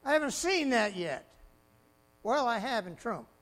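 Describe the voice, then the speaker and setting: A man preaching a sermon in an animated way, swinging from loud exclamations to quiet asides and laughing often. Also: very high voice, measured pace. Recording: mains hum behind the voice.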